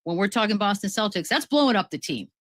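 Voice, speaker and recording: A man's voice: high-pitched, expressive, fast, fairly bright tone, no echo. A man co-hosting sports radio, laying out a scenario and asking his co-host's view. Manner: poses questions to co-host. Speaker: radio co-host.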